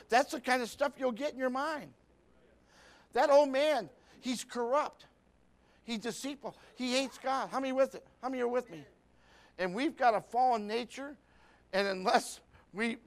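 A man's voice: very high voice, moderate pace. A man preaching a sermon, telling a folksy story with lots of repetition and rhetorical questions.

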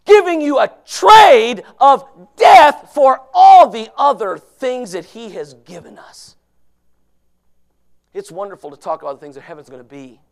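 A man preaching a sermon with fervour, moving between loud shouting and hushed pleading, quoting scripture in old-fashioned wording. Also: high-pitched, vocal fry.

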